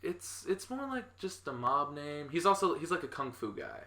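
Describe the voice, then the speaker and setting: A young man with a bright, forward voice retells a comic book plot to his co-host, rambling and chatty. He drops into quick impressions of characters. The room around him is echoey. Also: a little high, sing-song. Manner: rambling storyteller, acts out quotes, laughs often. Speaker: podcast co-host recapping a comic. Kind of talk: casual chat.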